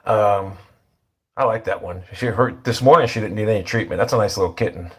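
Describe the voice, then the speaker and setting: A middle-aged man talking in a casual, rambling monologue, blunt and full of swearing, often sinking to a low mutter. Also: a little fast, a bit bright. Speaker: vlogger.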